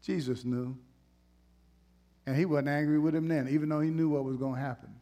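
Speaking a little fast, a man with a high voice gives a lively, chatty sermon in church and pokes fun at the congregation as he goes. His volume swings from forceful outbursts to soft, tender moments.

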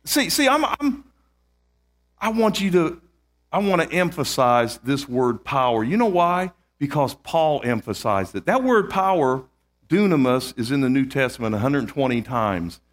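A man's voice: medium pitch, big pitch swings, measured pace. A man preaching a sermon, emphatic, repeating key words and calling out amen to his congregation, often restarting his sentences.

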